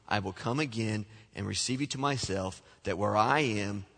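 A man preaching a sermon as pastor, animated, acting out the voices he quotes. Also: fairly low pitch, normal speed, creaky, breathy edge. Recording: long hall reverb.

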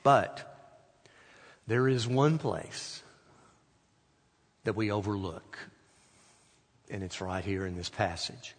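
A pastor preaching a sermon, stressing key words slowly and letting his voice fall away at the end of phrases. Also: lowish voice, lively intonation, in a large hall. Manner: slow, emphatic phrasing that trails off quietly at line ends.

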